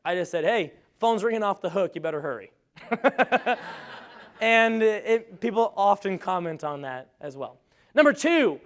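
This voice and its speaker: A man with a fairly high voice giving an energetic talk to a live audience. He jokes often and pokes fun at himself as he makes his points. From grew up on a farm. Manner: energetic, joking, self-deprecating. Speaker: speaker on webinar marketing.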